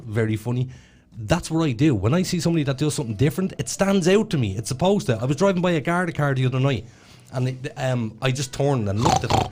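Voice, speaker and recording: A man's voice: mid-range voice, animated, fast, darkish tone, a little hiss or hum. Blunt joking male host. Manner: blunt, joking, swears freely. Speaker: radio show host. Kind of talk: casual chat. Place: studio.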